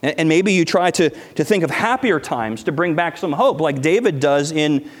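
Guy preaching a sermon, earnest, kinda high voice, drops real quiet sometimes, long echo in the room. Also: animated, normal speed. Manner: earnest, emphatic preaching with repetitions and dramatic drops to near-whisper. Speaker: pastor. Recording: hall reverb.

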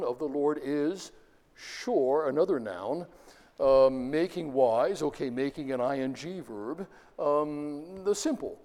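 A man lectures to a class, his voice sitting at an ordinary middle pitch. He explains step by step and stops now and then to ask his students questions. The sound carries a long reverb from the lecture hall. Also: darkish tone.

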